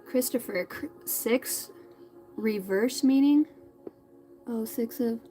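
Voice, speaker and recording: A woman's voice: a little high, slow, warm tone, low-quality recording. Brief: woman, 30s, tarot live-stream host, profane, chatty, faint music behind. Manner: chatty, blunt and profane, greets viewers. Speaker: tarot reader hosting a livestream. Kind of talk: casual live-stream chat.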